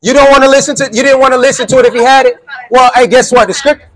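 A man's voice: extremely high pitch, steady tone, quick pace, a bit bright, poor audio. A man preaching in the street with call-and-response, insistently quizzing a listener and repeating his questions.

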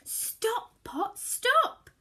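A woman voicing a kind young woman who exclaims in a high, bright voice. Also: wildly swooping pitch, normal speed, exaggerated voice. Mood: alarmed. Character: kind, poor young woman, easily alarmed.

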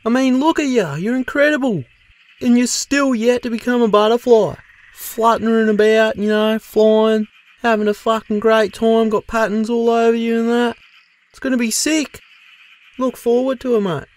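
A man's voice: very high voice, fairly even intonation, normal speed. A man voicing a laid-back male sasquatch in a cartoon, with an Australian accent, drawling and swearing a lot. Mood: chill. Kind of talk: cartoon voice acting.

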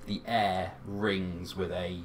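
A man narrating a tabletop game as dungeon master, measured and descriptive. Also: sits low, flat delivery, soft background music.

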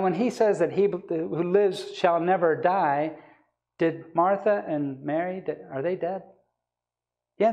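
Male evangelist, sermon delivery, mellow voice, scripture reading mixed with emphatic explanation. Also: fairly high pitch, muffled recording. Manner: reads scripture aloud, then explains it with rising emphasis. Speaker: evangelist preacher.

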